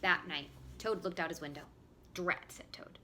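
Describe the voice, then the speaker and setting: A woman, a preschool teacher, reading a picture book aloud at home, expressive and talking directly to young children. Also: low-pitched, a little fast, background noise.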